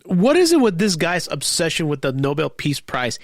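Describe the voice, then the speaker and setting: A man's voice: a little high, big pitch swings, normal speed, hardly any pauses, dry recording, studio quality. A man hosting his own talk show, ranting angrily about politics with lots of swearing and restarts. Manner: profane, heated, rambling with restarts. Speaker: podcast host. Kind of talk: angry political rant.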